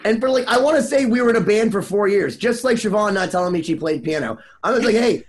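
High-voiced guy in a band, rambles and swears a lot, podcast chat. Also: quick pace. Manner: rambling, profane, excitable storyteller. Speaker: band member, wedding DJ.

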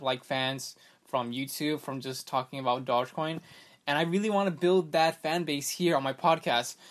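A young man talks on his solo podcast in an excitable, rambling way, leaning on fillers and slang. His voice sits a bit high for a man. He has the hiccups. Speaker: podcast host. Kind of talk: casual solo podcast chat.

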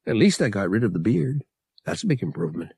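A man playing a roguish young pilot who teases gently and reassures tenderly. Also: fairly low pitch, sing-song, fast talker, vocal fry, husky, no echo, clean studio sound, full character voice. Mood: teasing.

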